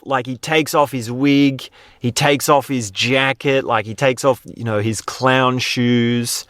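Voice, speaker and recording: A man's voice: mid-range voice, steady tone, takes it slowly, fairly bright tone, no room sound, studio quality. A man with an Australian accent hosting a podcast in a casual, conversational monologue, often tagging sentences with questions. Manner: conversational, frequent "right?" tag questions. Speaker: podcast host.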